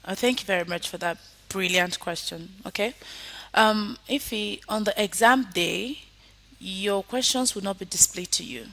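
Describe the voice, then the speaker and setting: A woman teaching a speaking lesson over a video call, often swinging from soft to loud for emphasis. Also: mid-range voice, moderate pace. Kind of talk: online lesson.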